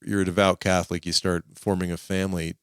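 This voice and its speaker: A middle-aged man hosting a podcast and interviewing his father, teasing and joking as he fires quick follow-up questions. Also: low-pitched, little pitch movement, fairly bright tone, smooth, dry recording, clean studio sound. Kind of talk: casual interview.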